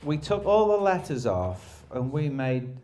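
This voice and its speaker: A man's voice: mid-range voice, big pitch swings, a little slow, warm tone. A man telling rambling, self-deprecating stories in casual chat, laughing often.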